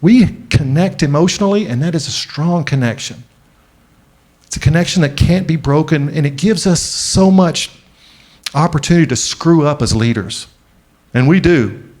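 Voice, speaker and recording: A middle-aged man giving a conference keynote speech. He tells a personal story and often slows down and drops his voice for the emotional moments. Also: a little high, animated, a little mellow. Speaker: keynote speaker. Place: large conference venue.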